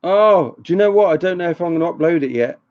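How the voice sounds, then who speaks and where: Quick and a little high-pitched with lively intonation, a livestream host chats casually with viewers, rambling as he reads their comments, teases them and laughs a lot. The home stream audio is dull and lo-fi.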